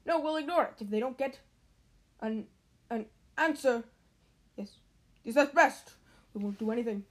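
A loud, blustering middle-aged uncle who bullies the household and bellows his orders, as a woman reading aloud puts him on. The voice sits a little high and barks out short, forceful lines. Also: moderate pace, natural voice. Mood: roaring. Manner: loud bellowing, stammering when scared.

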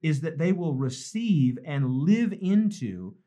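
A man's voice: a little high, sing-song, slow, dark tone. A man, a pastor, talking earnestly and reflectively in a live devotional discussion, often repeating phrases for emphasis. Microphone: streamed live online.

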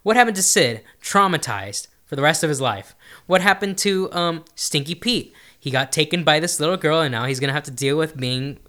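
A man chatting casually with a friend about films. His voice is bright and forward, and he tends to slip into short put-on voices as he goes. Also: a little high. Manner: animated, puts on quick character voices. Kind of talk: casual chat.

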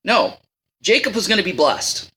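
A woman's voice: medium pitch, big pitch swings, normal speed, fairly bright tone. A woman teaching a Bible study in a casual, chatty way, reading scripture and acting out the lines.

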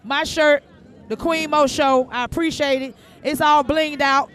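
A man hosting a live outdoor bike night, excitedly giving repetitive shout-outs. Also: very high-pitched, measured pace. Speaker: show host. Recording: crowd noise behind, outdoors.

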